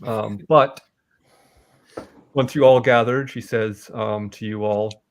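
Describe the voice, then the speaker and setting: A man's voice: lowish voice, fairly even intonation, slow, pauses often. A man narrating as game master in a casual tabletop game, laughing often.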